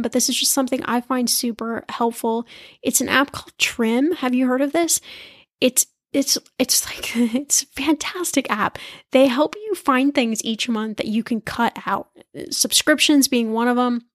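A woman hosting a podcast in a chatty, animated way, laughing easily as she talks. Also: a little high, normal speed, no room sound, studio quality. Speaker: podcast host. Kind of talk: casual chat.

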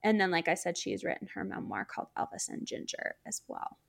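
A woman's voice: mid-range voice, sing-song, fast talker, gravelly. A woman co-hosting a podcast in casual chat, talking in a chatty way with lots of "like" fillers. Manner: chatty, many "like" fillers, laughs while talking. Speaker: podcast co-host.

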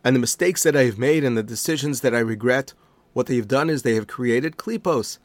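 Male teacher, mid pitch, measured and deliberate, dry close recording. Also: no echo. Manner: calm, deliberate explanation with Hebrew terms. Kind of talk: measured spoken lesson on prayer.

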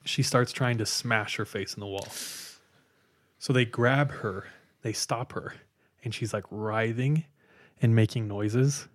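A man co-hosting a podcast, casually retelling a spooky story with lots of fillers and a hushed tone for the eerie parts. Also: lowish voice, slow pace, pauses often, no room sound. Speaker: podcast co-host telling a story.

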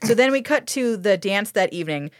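A woman's voice: medium pitch, expressive, a little fast, no room sound, studio quality. A woman podcast co-host recapping a TV episode in casual chat, sarcastic and profane, with plenty of fillers.

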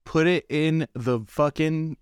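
A man's voice: on the high side, fairly even intonation, clean tone, no echo, studio quality. A young man co-hosting a casual podcast, joking around, swearing freely and laughing often. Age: young adult. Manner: profane, joking, quick to laugh. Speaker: podcast co-host.

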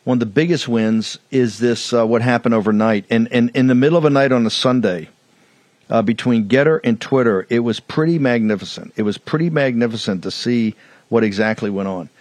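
A man's voice: mid-range voice, brisk, darkish tone, no echo. Emphatic man hosting a political show. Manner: emphatic, repetitive, mocking. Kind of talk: combative political monologue.

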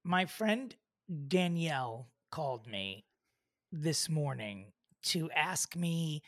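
A man co-hosting a podcast in casual chat, rambling through a funny story and quick to joke. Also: on the high side, animated, fairly bright tone. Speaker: podcast co-host.

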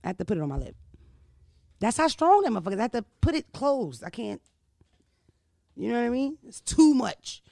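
Woman host just chatting, loud and swear-y, laughs a lot, voice jumps all over. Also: on the high side, a little fast, creaky, long pauses, no echo, clean studio sound. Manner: animated, laughing, profane storytelling. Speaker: podcast host. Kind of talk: casual chat.

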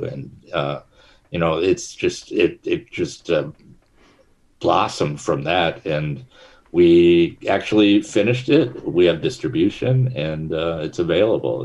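A middle-aged actor is the guest in this casual interview chat, speaking low-pitched with a darkish tone. He tells stories loosely, restarting often and filling pauses frequently.

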